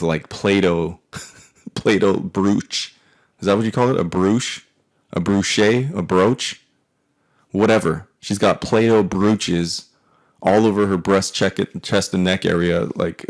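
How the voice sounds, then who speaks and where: Man in his forties, very low gravelly voice, swears freely while telling a rambling family story. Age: 40s. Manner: profane, rambling, wry. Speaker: artist telling a personal story. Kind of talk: casual storytelling monologue.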